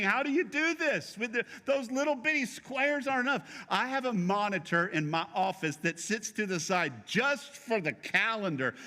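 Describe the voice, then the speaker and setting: A middle-aged male pastor delivers a sermon in a conversational, joking style, teasing his congregation. His voice sits high with a sharp tone and echoes through a large hall.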